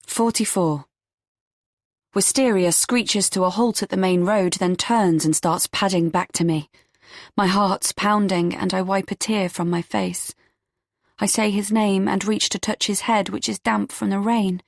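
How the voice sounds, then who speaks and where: A woman reading a first-person audiobook in a tense, measured storytelling manner. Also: medium pitch, steady tone, creaky, no room sound, clean studio sound. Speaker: audiobook narrator.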